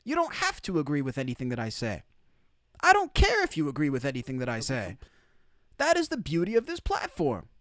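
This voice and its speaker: A man's voice: on the high side, wildly swooping pitch, brisk, fairly bright tone, no echo. A man hosting opinionated live commentary from outside the United States, emphatic and repeating his key phrases. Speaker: commentary streamer.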